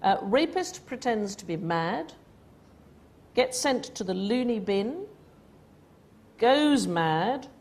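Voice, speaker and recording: A woman's voice: a little high, sing-song, slow, pauses often, a little mellow, some chatter behind. A woman hosting a TV quiz show, reading clues and slipping in dry jokes. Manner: dry, wry humour. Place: TV studio with audience. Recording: noisy studio with audience laughter.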